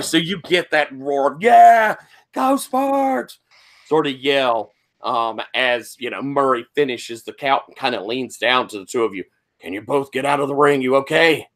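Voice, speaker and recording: A man's voice: medium pitch, fairly bright tone. A man narrates a tabletop wrestling game as game master, speaking with enthusiasm. He keeps prompting the players for their next moves.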